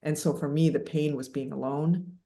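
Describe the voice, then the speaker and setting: A woman in her thirties telling a personal story as a podcast guest, animated and laughing, with many fillers. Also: low voice, normal speed. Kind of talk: casual storytelling interview. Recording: echoey room.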